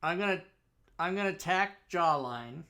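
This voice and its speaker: A man playing a tabletop game, talking eagerly and quick to argue the rules. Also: sits high, lively intonation, bright, forceful tone. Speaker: player.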